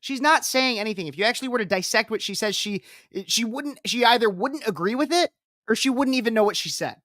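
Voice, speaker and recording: A woman's voice: fairly high pitch, expressive, brisk, a bit bright, dry recording, clean studio sound. A woman political commentator reacting to a speech clip, talking in an emphatic, repetitive and combative way.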